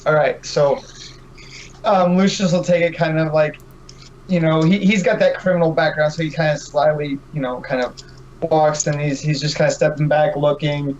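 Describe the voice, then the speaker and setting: A man's voice: fairly high pitch, steady tone, normal speed, muffled recording, a little hiss or hum. A man playing a tabletop game, hesitantly describing what his character does. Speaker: player. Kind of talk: casual tabletop play.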